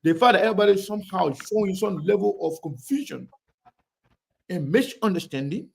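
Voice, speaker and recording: A man's voice: sits high, lively intonation, a little fast, creaky, a little mellow. A man hosting a heated political debate, pushing his guest with repeated questions and cutting in. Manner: presses with repeated questions, cuts in.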